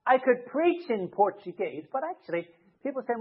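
A man with a rather high voice preaches in a church, talking the congregation through his points with simple what-if examples. The sound is thin and boxy, as if heard down a phone line. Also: very animated, moderate pace, husky. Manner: explains with everyday hypothetical scenarios. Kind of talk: conversational sermon. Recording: tinny narrow-band sound.

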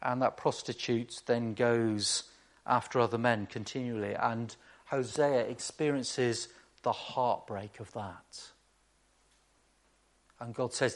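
A man's voice: medium pitch, steady tone, slow pace. Guy preaching a sermon, chatty, lots of rhetorical questions and little jokes, regular mid voice. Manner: conversational, rhetorical questions, wry asides.

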